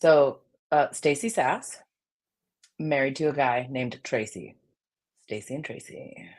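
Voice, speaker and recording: A podcaster with a raspy voice, chatting casually in a blunt, heated way that swings from loud outbursts to low mutters. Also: slow pace. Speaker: podcast co-host.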